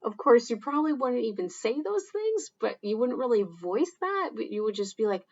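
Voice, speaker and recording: A woman teaching sign language in a casual, relaxed way, with lots of fillers. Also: a little high, lo-fi sound. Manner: slow, relaxed, with many fillers and acted example phrases. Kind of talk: casual instructional talk.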